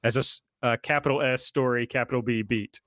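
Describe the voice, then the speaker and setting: Man reading out a steady recap. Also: medium pitch, fairly quick, no room sound, studio quality. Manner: reads out recaps in a steady run-through. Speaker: podcast co-host recapping the show. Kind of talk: casual wrestling podcast recap.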